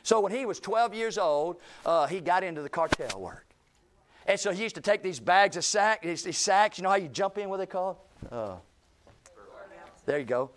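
A man's voice: high-pitched, moderate pace, a little hiss or hum. A male pastor telling a story in a sermon, acting out the people he quotes with rising intensity. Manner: animated, acts out quoted speech with rising intensity.

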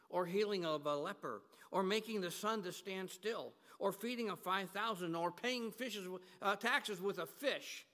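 A man preaching in a church, his voice high and ringing. He is emphatic and swings between quiet, hushed lines and loud bursts. Long reverb trails off the walls of the hall. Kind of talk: sermon. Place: church sanctuary.

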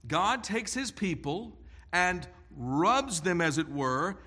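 A man preaching a sermon, slow and deliberate, stressing key words and repeating phrases for emphasis. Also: high voice, big pitch swings, sharp tone, husky. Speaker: pastor.

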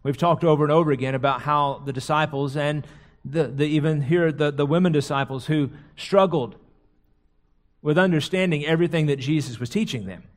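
Higher-voiced man preaching a dramatic sermon. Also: brisk. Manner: dramatic storytelling with many repeated words. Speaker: pastor.

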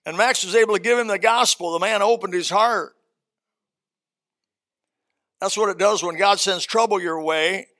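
An older man with a high-pitched voice preaching to his congregation. He reads scripture slowly, then slips into folksy stories. His speech stays plain and conversational between the readings. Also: a bit bright. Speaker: pastor. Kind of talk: sermon.

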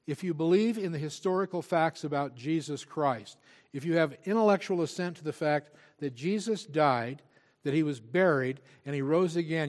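A man's voice: fairly high pitch, moderate pace, darkish tone. A male pastor preaching a sermon, earnest and emphatic, with frequent restarts.

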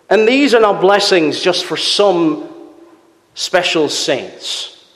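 A man preaching a sermon in an earnest, emphatic way, asking his listeners rhetorical questions. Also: a little high. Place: church. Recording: long church reverb.

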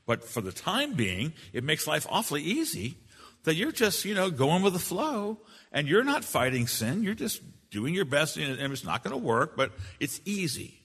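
A man preaches with an earnest, emphatic delivery, doubling back on his words as he teaches. His voice is bright and forceful. A long hall reverb trails behind each phrase. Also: mid-range voice, breathy edge. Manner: earnest and emphatic, with frequent quick restarts. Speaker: preacher teaching a confession of faith. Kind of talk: sermon-style teaching.

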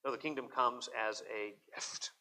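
A man's voice: mid-range voice, fairly even intonation, a little slow, sharp tone. A pastor preaching a sermon at a church service in an earnest, emphatic way, often repeating words as he presses a point.

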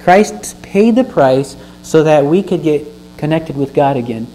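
A man's voice: fairly high pitch, expressive, unhurried, dark tone, poor audio. A man gives a sermon, reading verses aloud and then teaching from them in an earnest voice. He stresses key words and asks his listeners questions. A faint mains hum sits under the recording. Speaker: pastor.

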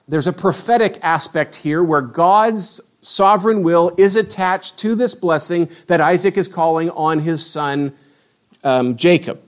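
A man preaching a sermon, reading scripture with slow drama between conversational asides. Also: on the high side. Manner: reads scripture slowly and dramatically, then talks conversationally. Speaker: pastor.

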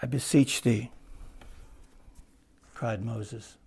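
Gravelly preacher, hushed then ringing. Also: male voice, medium pitch, normal speed. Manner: swings from hushed to loud, ringing emphasis. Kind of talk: sermon.

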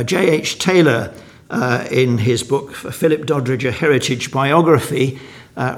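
An older man from England giving a lecture-style sermon at a conference, reading quotations aloud between many restarts and stumbles. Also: medium pitch. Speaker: conference speaker.

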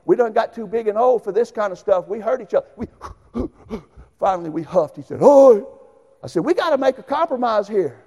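A middle-aged man, a pastor telling his own story in a sermon, folksy and given to shouted bursts. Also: sits high, expressive, brisk, big-room sound. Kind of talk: sermon testimony.

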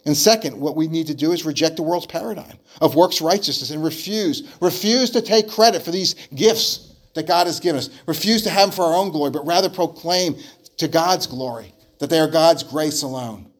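A man's voice: fairly high pitch, brisk. A man preaching a sermon, telling an illustration story in an earnest way and often repeating words as he restarts phrases.

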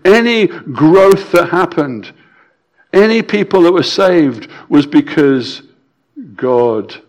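A fairly high-pitched man delivers a sermon, emphatic and repetitive, alternating loud stresses with quiet drops and occasionally stammering before restarting.

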